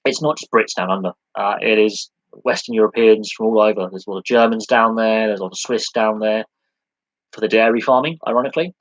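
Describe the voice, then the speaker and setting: A man's voice: on the low side, steady tone, fairly quick, dry recording, low-quality recording. A man hosting a live sports podcast Q&A, talking in a rambling, conversational way with many restarts and long lists. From United Kingdom.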